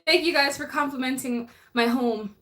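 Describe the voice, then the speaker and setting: A woman's voice: sits high, moderate pace, fairly bright tone. A young woman hosting a live stream, chatting casually, laughing often and reading viewer comments, a bit out of breath.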